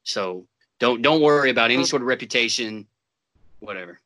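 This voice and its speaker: A man in a casual chat who laughs often and drops swear words into drawn-out asides. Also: medium pitch, pushed and bright.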